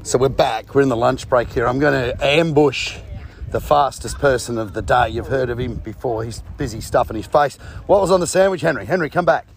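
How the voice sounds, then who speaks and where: A man's voice: medium pitch, fairly quick, gravelly. A man, a vlogger and amateur racing driver, chatting casually and teasing a fellow driver with joking banter at an outdoor motorsport event. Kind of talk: casual chat and teasing interview. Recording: noisy outdoor recording.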